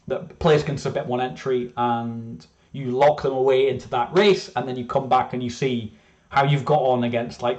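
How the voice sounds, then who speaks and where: A man presenting his game in a casual, rambling way, often restarting sentences, joking at himself and getting excited. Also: mid-range voice. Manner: rambling, self-interrupting, excitable, jokey. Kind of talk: casual screen-share presentation.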